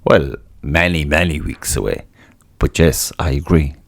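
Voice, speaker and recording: Low-pitched man, middle-aged, casual podcast monologue, rambling and sweary. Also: animated, measured pace, vocal fry. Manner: rambling, profane, self-mocking. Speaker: podcast host.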